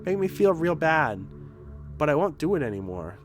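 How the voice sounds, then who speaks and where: A defiant little boy with a sly streak and a whiny, pleading edge, as a man puts him on while reading game lines. The voice sits high and bounces around animatedly. He sounds evasive, always talking his way out of trouble. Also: big pitch swings, moderate pace, soft background music. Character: cocky young boy, defensive double agent.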